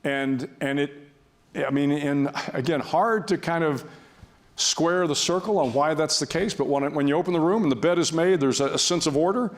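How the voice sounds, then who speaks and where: A man's voice: fairly high pitch, normal speed. Older man telling a wry story. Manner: wry, self-deprecating storytelling with frequent restarts. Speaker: guest speaker. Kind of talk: storytelling talk before an audience.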